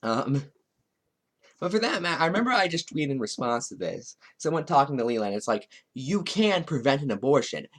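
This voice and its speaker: A man's voice: medium pitch, animated, fairly quick, fairly bright tone. Male host, sarcastic, wry solo commentary. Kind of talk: political commentary monologue.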